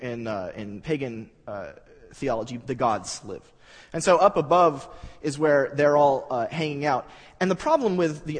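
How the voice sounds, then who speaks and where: A man giving a sermon in a conversational, halting way that builds to animated stretches. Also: medium pitch, long reverb tail. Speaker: pastor.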